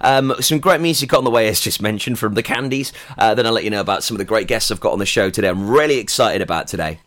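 A man's voice: fairly low pitch, fast talker, fairly bright tone. A man hosting a radio breakfast show, chatting casually and rambling between songs with jokey asides.

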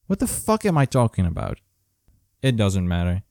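A man's voice: on the low side, huge pitch swings, normal speed, gravelly, darkish tone, no room sound, studio quality. A man hosting a solo podcast, ranting sarcastically and profanely in a grumpy way. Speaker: podcast host.

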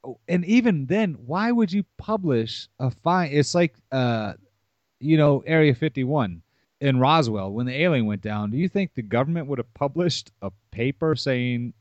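A man in casual podcast conversation, mid-pitched and musing, who keeps turning statements into questions. The recording is dry and close with a slightly dull, muffled tone. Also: animated, normal speed, dry recording.

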